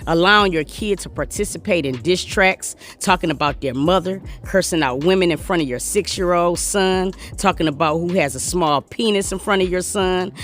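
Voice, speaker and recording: Guy reacting on his channel, kinda high voice, faint music under him, keeps talking right at the viewers. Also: fairly bright tone. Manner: chatty, emphatic, talks straight to viewers. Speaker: commentary vlogger. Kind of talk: casual reaction commentary.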